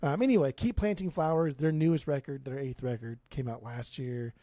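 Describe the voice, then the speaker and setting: A man's voice: medium pitch, brisk, mellow, no room sound. A man co-hosting a casual music podcast, rambling through blunt, profane opinions. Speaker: podcast co-host.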